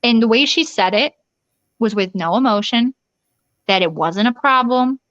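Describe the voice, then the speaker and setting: A woman interview guest telling a personal ordeal in a rushed, urgent way, often restarting sentences and acting out quoted dialogue. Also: fairly high pitch, animated, fairly bright tone, no room sound. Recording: dull lo-fi dry recording.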